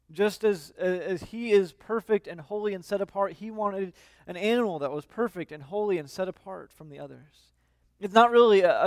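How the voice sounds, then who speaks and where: Man, lead minister, sermon, high voice, dry close sound, chatty with restarts. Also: no echo. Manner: conversational with frequent fillers and restarts; reads scripture aloud.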